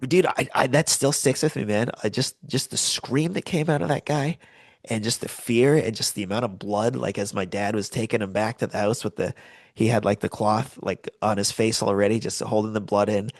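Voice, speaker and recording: Animated middle-aged man telling stories. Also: lowish voice, moderate pace, no echo. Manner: animated storyteller, acts out voices in quotes. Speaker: podcast co-host. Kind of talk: casual storytelling chat.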